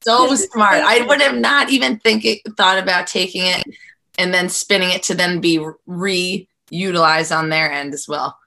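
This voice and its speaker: A woman's voice: on the low side, measured pace, vocal fry, pushed and bright. A woman hosting a casual chat, talking with enthusiasm and admiration.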